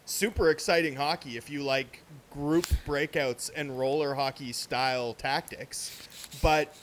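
Co-host guy, kinda high voice, dry jokes about hockey, bit of hiss. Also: fairly even intonation, unhurried, a bit bright. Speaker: podcast co-host. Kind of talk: casual sports analysis.

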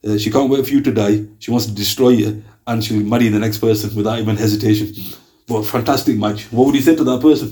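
A man preaching to a small gathering in a mosque, telling stories in a conversational, animated way. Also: mid-range voice, quick pace. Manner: conversational, animated storytelling with quoted voices.

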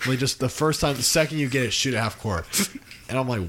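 A man's voice: mid-range voice, fast, a bit bright, slight background noise. A young man in casual podcast chat, loose and slangy, calling everyone dude. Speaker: podcast co-host.

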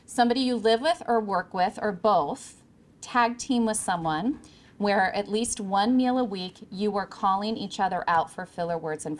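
Woman coaching a live audience. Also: medium pitch. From California. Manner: emphatic, clear presenter with varied pacing. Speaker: communication coach. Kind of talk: workshop talk to interns.

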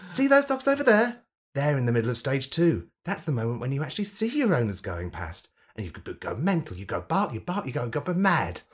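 A man's voice: medium pitch, very animated, fairly quick, close to an everyday voice. A man putting on a camp, theatrical voice to play a chirpy guide welcoming dead pets to the afterlife, in a comedy podcast bit. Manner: theatrical, chirpy, swooping delivery.

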